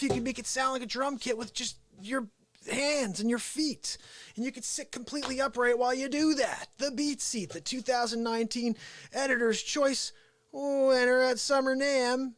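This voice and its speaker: A man with a New Jersey accent hosting an unscripted live stream, chatting with viewers in an energetic, rambling way. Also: very high voice, normal speed. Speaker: live-stream show host.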